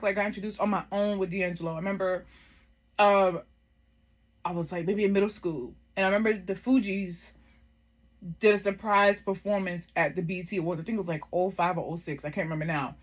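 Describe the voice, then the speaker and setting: A woman in her thirties shares a personal story to camera. Her pitch sits mid-range, and she talks in a loose, heartfelt way. She drifts between thoughts with plenty of "like" and "um". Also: fairly even intonation, fairly quick. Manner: heartfelt, reflective, rambling with many fillers. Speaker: vlogger.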